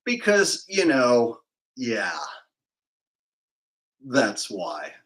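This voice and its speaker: A man's voice: mid-range voice, huge pitch swings, drawn-out words, a bit bright, rough recording. A man hosting a livestream, rambling and cracking crude jokes as he reads out donations. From California. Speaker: livestream host reading donations. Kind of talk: casual livestream banter.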